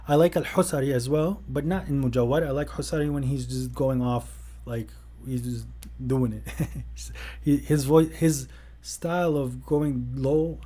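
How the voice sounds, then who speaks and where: Man, online religious service host, casual question-and-answer, mellow voice, rambling delivery. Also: medium pitch. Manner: loose and conversational, trailing off and restarting.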